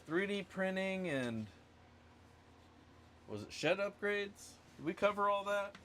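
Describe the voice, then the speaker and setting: A man's voice: sits high, animated, slow pace, background noise. Rambling self-joking male streamer. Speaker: livestream host running a giveaway. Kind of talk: casual live stream chat.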